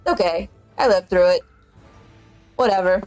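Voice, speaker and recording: A woman's voice: medium pitch, a little slow, darkish tone, faint music behind. A woman, telling a story in casual chat as a streamer and laughing often.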